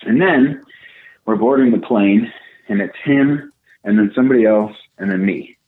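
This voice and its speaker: A young man telling a casual story, animated and profane, acting out what people said. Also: on the low side, moderate pace, a little hiss or hum. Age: young adult. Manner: animated, profane, acts out quotes. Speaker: podcast co-host. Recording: tinny phone-like line.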